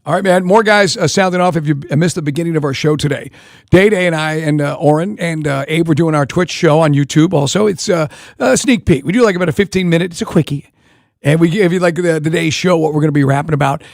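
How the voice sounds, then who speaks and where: A man hosting a sports radio show, talking in a rapid, rambling, animated way. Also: a little high, gravelly, no room sound, studio quality. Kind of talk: casual sports talk.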